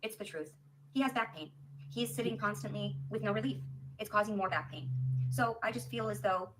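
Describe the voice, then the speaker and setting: A woman's voice: medium pitch, fairly quick, noisy background. A woman vlogger talking in a gushing, rambling, spiritual way about her partner. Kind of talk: earnest confessional vlog talk.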